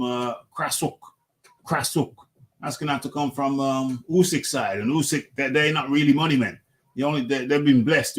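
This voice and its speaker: A British man hosting a casual boxing talk show, repeating himself as he makes emphatic points. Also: mid-range voice. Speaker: boxing podcast host.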